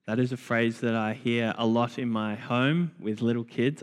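A man, preaching a sermon in slow, deliberate phrases with repetition. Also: medium pitch, steady tone. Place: church. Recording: long church reverb.

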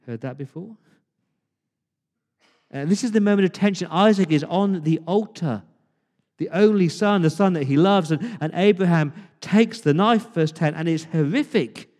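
A man preaching a sermon as pastor, speaking with passion, dramatic pauses and repeated words. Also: sits high, darkish tone, in a large hall. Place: church.

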